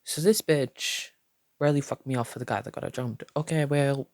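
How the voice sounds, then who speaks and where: Animated, swearing young man. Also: mid-range voice, normal speed, no room sound, clean studio sound. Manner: animated, profane, acts out quotes in voices. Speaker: vlogger. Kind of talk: storytime vlog.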